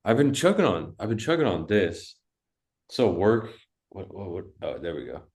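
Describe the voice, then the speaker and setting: A man's voice: sits low, big pitch swings, normal speed, a little mellow. A young man co-hosting a podcast, telling rambling stories full of cussing, "dude" and "like" in casual chat. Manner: rambling storytelling, heavy cussing, lots of "dude" and "like". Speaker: podcast co-host.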